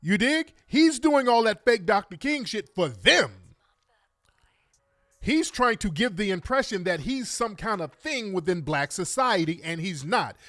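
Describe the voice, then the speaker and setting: A man's voice: high voice, very animated, measured pace, a bit bright, no room sound, studio quality. A middle-aged man hosting a talk show, delivering an emphatic, profane, combative monologue full of rhetorical questions. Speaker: radio talk host.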